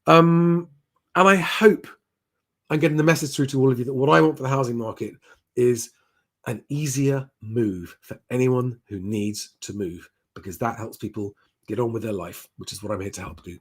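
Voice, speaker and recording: A man hosting a live stream, answering viewer questions in a relaxed, conversational way with frequent "um" fillers. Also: mid-range voice, normal speed.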